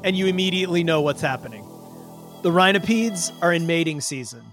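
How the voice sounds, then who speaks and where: A man narrating a tabletop role-playing game as game master, in a relaxed, rambling way. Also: on the high side, brisk. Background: background music.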